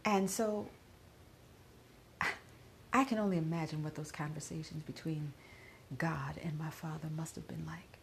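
A middle-aged woman podcaster giving a personal spoken reflection while grieving, often dropping to a soft whisper. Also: low voice, fairly even intonation, a little slow, gravelly, pauses often, a little hiss or hum.

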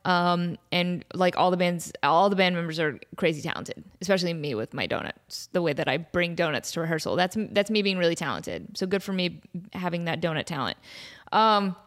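A young adult woman hosting her podcast, telling stories in a casual, animated, self-mocking way, laughing often. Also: fairly low pitch, brisk. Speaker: podcast host. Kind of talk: casual storytelling monologue.

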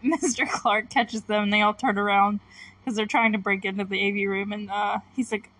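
A woman's voice: medium pitch, steady tone, normal speed, fairly bright tone, poor audio. A young woman hosting a podcast, chatting casually and giggling as she retells scenes and quotes the characters' lines. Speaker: podcast host recapping a TV episode. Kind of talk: casual chat.

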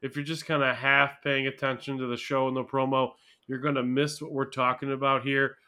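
Male podcast co-host with a very bright, sharp tone; relaxed delivery, explains with everyday examples. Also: medium pitch, fairly quick, smooth. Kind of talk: casual wrestling podcast chat.

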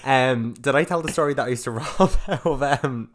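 A young man with an Irish accent, co-hosting a podcast and telling childhood stories in animated casual chat. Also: mid-range voice, normal speed. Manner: animated, gossipy storyteller. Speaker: podcast co-host.

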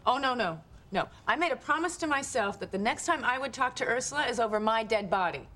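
An actress playing a quirky young woman with odd, breezy deadpan logic. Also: a little high, fast. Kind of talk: sitcom acting.

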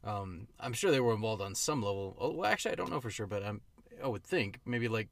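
A man's voice: lowish voice, lively intonation, quick pace, creaky, a bit bright. A man co-hosting a podcast, chatting casually and rambling, often correcting himself mid-thought. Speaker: podcast co-host. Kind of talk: casual chat.

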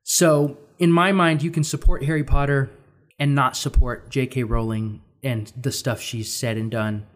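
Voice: medium pitch, fairly even intonation, moderate pace. A podcast co-host in casual chat, rambling and searching for words as they talk.

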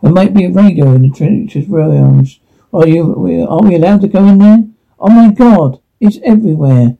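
High, gravelly man reading a drama aloud. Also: normal speed. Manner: flat, stumbling read with restarts. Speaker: reader voicing a whole drama. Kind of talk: reading a drama script aloud, sound cues included. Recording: dull lo-fi recording with faint music.

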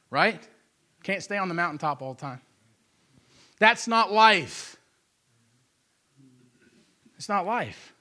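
A male preacher with a very high, bright voice. He preaches in an emphatic, conversational style and drives his points home by repeating short phrases. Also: animated, takes it slowly, long pauses. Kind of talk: sermon.

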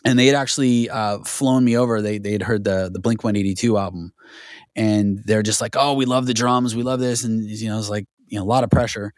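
A man telling a studio story as an interview guest, animated and full of restarts and fillers. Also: on the low side, a little fast, dry recording. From Southern California. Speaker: guest, record producer.

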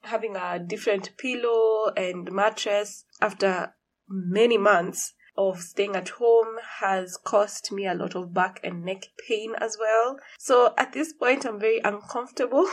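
A young woman hosting her podcast in casual chat, a little hoarse and tired, laughing often, in an echoey room with a high ceiling. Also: measured pace. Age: young adult. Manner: relaxed, chatty, laughs often. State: hoarse morning voice. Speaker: podcast host. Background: noisy fridge.

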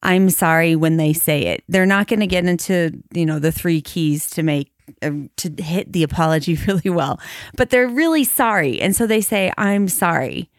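A woman's voice: lowish voice, animated, dry recording. Earnest woman, dry close sound. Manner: earnest, reflective, slows for key phrases. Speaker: podcast co-host. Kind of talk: casual conversation.

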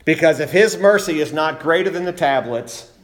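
A male pastor preaching a sermon, rising emphatically on key points and asking rhetorical questions, then slowing down to read scripture. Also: fairly high pitch, animated. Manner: reads scripture aloud in a slow, measured way.

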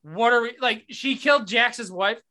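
A man hosting a casual podcast, telling stories with lots of profanity and animated retellings. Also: very high voice, moderate pace. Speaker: podcast host. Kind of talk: casual sports podcast chat.

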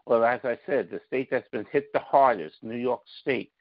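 A man, a podcast guest, giving measured political opinions with sarcastic asides, on dull lo-fi audio. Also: medium pitch, no echo. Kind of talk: casual political discussion.

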